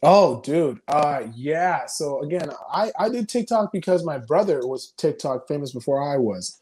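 A young man and video creator talking casually in an interview over a video call, telling frantic, animated stories full of swearing. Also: on the high side, moderate pace.

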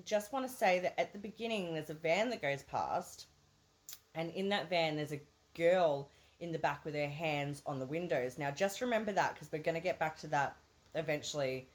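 A woman's voice: deep voice, moderate pace. A woman co-hosting a movie review podcast, recapping a film in casual chat, swearing freely and laughing often. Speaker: podcast co-host.

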